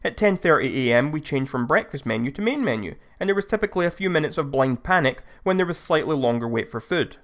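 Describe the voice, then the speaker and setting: A man narrating online stories in a steady, scripted reading style. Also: on the high side, fast, few pauses. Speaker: story narrator.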